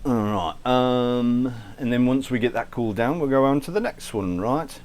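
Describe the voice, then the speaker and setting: At a moderate pace and in a mid-range, darkish voice, a man runs a cooking livestream, chatting as he cooks and naming viewers to thank them. Light swearing, frequent self-interruptions, and an unnamed put-on accent held start to finish mark his talk; a little hiss or hum is audible.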